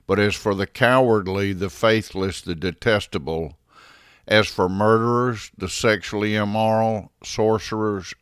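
A man giving a scripted scripture reading in a measured, solemn, even delivery. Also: on the low side, clean tone, no echo, clean studio sound. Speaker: scripture reader.

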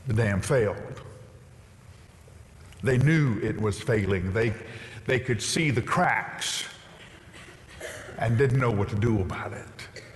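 A man's voice: lowish voice, takes it slowly, long pauses, slight background noise. A male pastor preaching a sermon in a church, reading scripture aloud with rising emphasis. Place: church sanctuary. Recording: long reverb in a large hall.

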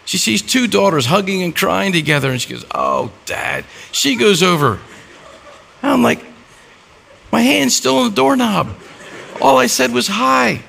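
A middle-aged man preaches a sermon and acts out the voices in his stories. His voice sits a little high and carries a heavy gravelly fry. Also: sing-song, moderate pace, long pauses, fairly bright tone. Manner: storytelling with acted-out dialogue. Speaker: pastor.

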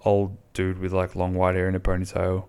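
This man hosts his own podcast and rambles alone with frank, casual talk full of swearing. His low voice is monotone, a touch mellow and a bit fast, with a clean tone.

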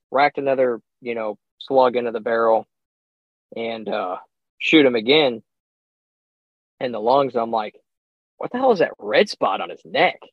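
A young man, a podcast guest, telling a hunting story in a casual, animated way, acting out his own reactions and chuckling often. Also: mid-range voice, no echo. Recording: slightly dull, dry sound.

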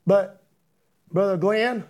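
High-voiced preacher, impassioned. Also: male voice, takes it slowly. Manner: impassioned, builds to shouting; repetitive, rhetorical questions. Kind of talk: sermon.

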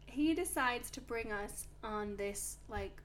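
Over slight background noise, a young podcast co-host tells stories in casual conversation, leaning heavily on "like" as a filler. She speaks slowly in an animated, somewhat high voice.

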